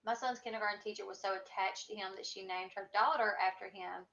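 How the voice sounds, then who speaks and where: A woman's voice: mid-range voice, fairly even intonation, a little fast, gravelly, pushed and bright. Southern woman in her 30s, twangy, just rambling on a casual livestream, kinda muffled lo-fi audio. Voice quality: country twang, rambling with fillers. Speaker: YouTube host. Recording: dull lo-fi sound.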